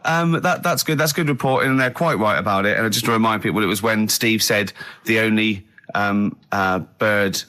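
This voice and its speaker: A man's voice: lowish voice, moderate pace, bright, forceful tone. A man hosting comic radio banter in a studio, teasing and laughing often. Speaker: radio host.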